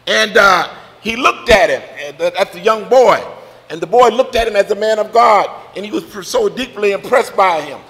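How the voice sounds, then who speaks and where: A man preaching a sermon, telling a story and then building to shouted call-and-response preaching. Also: sits high, normal speed. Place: church. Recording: reverberant church hall with faint music.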